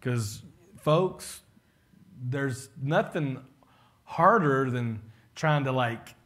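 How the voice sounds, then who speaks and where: A man's voice: mid-range voice, expressive, extremely slow, a bit bright. A man, a pastor giving a casual, joking leadership talk to his congregation and acting out the people he quotes.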